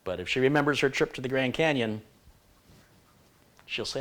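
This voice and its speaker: A man's voice: medium pitch, expressive, moderate pace, fairly bright tone. A man hosting a live computer repair stream, thinking aloud and rambling with frequent self-corrections as he diagnoses a PC.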